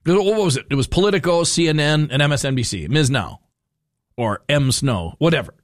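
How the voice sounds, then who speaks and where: A man's voice: on the high side, expressive, brisk, no echo. A man hosting a talk radio show in a studio, joking and rambling with loose restarts. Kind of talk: casual talk radio banter. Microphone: studio microphone.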